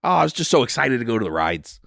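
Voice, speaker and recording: A man voicing an excitable young male sibling who gushes and apologizes in a rush. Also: mid-range voice, gravelly, no room sound, clean studio sound, pitched above the performer's own voice, full character voice. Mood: gushing. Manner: rushed, gushing.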